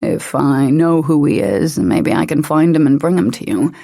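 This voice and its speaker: A woman narrator voicing a calm male investigator who asks patient, coaxing questions. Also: deep voice, moderate pace, vocal fry, no echo, clean studio sound, heavily acted. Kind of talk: audiobook character voice.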